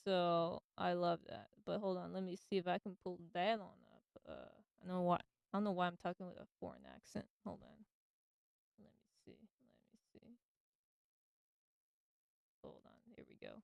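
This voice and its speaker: A woman's voice: on the low side, sing-song, normal speed, gravelly, clean tone, no room sound. A woman hosting a casual radio monologue, enthusiastic and slangy. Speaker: radio host.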